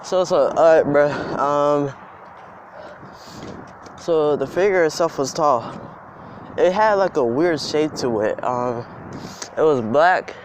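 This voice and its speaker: A man's voice: a little high, slow pace, long pauses, slight background noise. A young man telling a personal story outdoors in a casual, rambling, emphatic way. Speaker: vlogger. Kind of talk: storytime vlog. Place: outdoors in the cold.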